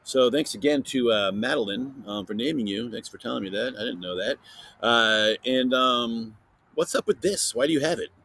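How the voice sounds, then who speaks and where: A man's voice: mid-range voice, animated, moderate pace, fairly bright tone. Playful chatty man hosting a podcast. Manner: playful, mock-interviewing a silent spider guest; chatty with many fillers. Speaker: podcast host. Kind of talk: casual kids' science podcast.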